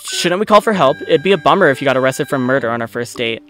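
A man's voice: mid-range voice, animated, fast, fairly bright tone, faint music behind, close to an everyday voice. A man voicing an easygoing young man on a date, casual and teasing.

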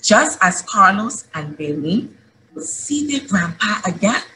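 Expressive woman giving a children's devotional. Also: mid-range voice, measured pace, a little hiss or hum, rough recording. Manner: expressive, rising questions to the audience. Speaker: devotional speaker.

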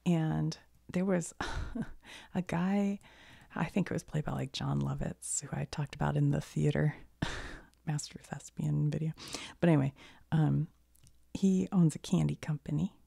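A woman with a cold chatting in a soft-spoken ASMR style, half-whispering and rambling, laughing often, close to the mic. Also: sits low, measured pace, creaky, long pauses, no room sound. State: has a cold. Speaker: ASMR creator.

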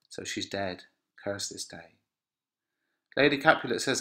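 A man's voice: medium pitch, a little slow, long pauses, bright, forceful tone. A man from England teaching a lesson on a play, reading lines dramatically and then explaining them in casual plain words. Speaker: English teacher.

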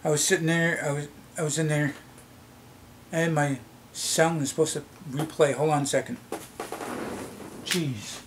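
A man from Canada, telling a childhood story in a vlog, in a halting, rambling way with many fillers and restarts. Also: on the high side, fairly even intonation, noisy background. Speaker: vlogger. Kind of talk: casual storytelling. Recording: loud music behind the voice.

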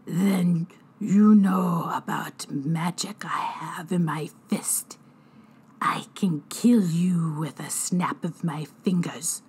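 A woman's voice: lowish voice, expressive, very slow, creaky, slightly rough, heavily acted. A woman voicing an old, drunken female fairy healer who talks in whispery, broken speech. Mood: threatening.

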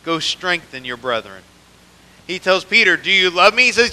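With a high, animated voice that's bright and forceful, a man preaches at a moderate pace. Addressing the church straight on, he builds in intensity as his words ring through the sanctuary's long reverb.

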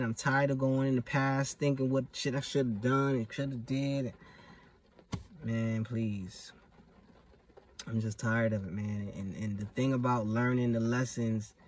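A man's voice: medium pitch, far from the mic. A young man talking in a casual vlog monologue, emphatic and profane, full of street slang. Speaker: vlogger.

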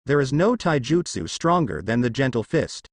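A man's voice: medium pitch, big pitch swings, normal speed, no echo, studio quality. A man voicing an arrogant young male fighter who brags and rants about his clan. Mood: boastful. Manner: bragging, ranting.

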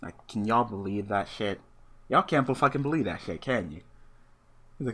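Profane, excitable man with a bright voice. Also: mid-range voice, moderate pace. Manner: profane, excitable, talks to his opponent. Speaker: online card game player commenting on his match. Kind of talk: casual live gameplay commentary.

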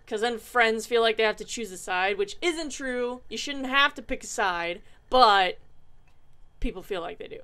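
A woman's voice: a little high, expressive, normal speed. A woman commenting on a dating game she is playing, bubbly and giggly, often flustered and stammering. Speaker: gaming channel host. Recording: loud keyboard typing and clicks.

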